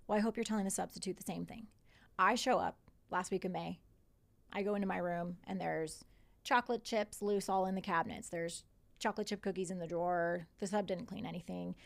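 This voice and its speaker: A woman's voice: on the low side, steady tone, a little fast, gravelly. A woman in her forties, a podcast guest, animatedly retelling what happened to her, quoting others and swearing. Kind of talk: casual storytelling in conversation.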